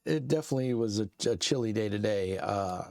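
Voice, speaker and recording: A man's voice: lowish voice, animated, brisk, a little mellow, dry recording, clean studio sound. A middle-aged man with a Brooklyn accent, chatting casually and rambling on a live stream from his basement. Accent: Brooklyn New York. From Brooklyn, New York. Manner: rambling and chatty, lots of uh fillers and laughs. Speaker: streamer and channel host.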